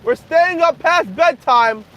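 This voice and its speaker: Loud, high-voiced young male streamer. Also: expressive, takes it slowly, dull audio. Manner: loud, half-yelling over background noise; crude joking, frequent laughter. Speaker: livestream host. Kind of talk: casual livestream chat with viewers.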